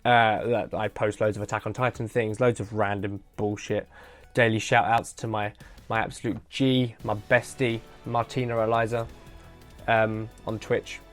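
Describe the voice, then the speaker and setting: A man hosting a solo podcast, talking through an episode in a rambling, animated way, correcting himself and swearing casually. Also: on the low side, normal speed, soft background music. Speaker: podcast host.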